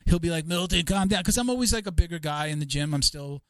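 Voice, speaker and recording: Male host, 50s, slightly high voice, dry close mic; rambling chat with acted-out quotes. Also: fast, smooth, no room sound. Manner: animated storyteller, acts out quotes of others; rambling, many restarts. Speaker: podcast host. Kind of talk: casual chat.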